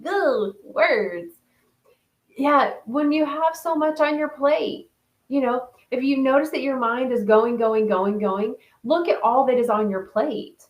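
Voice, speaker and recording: A woman's voice: high-pitched, slow pace. Casual woman host in a roomy echo. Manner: conversational, reads out participants' comments and answers them. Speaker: wellness group host. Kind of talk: casual guided reflection with a live online group.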